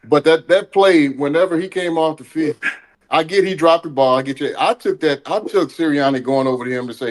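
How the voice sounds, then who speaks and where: A man's voice: a little high, a little fast. A man co-hosting a sports talk show, chatting loosely in slang with some hesitation. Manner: laid-back, slangy, hesitant. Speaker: co-host. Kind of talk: casual sports chat.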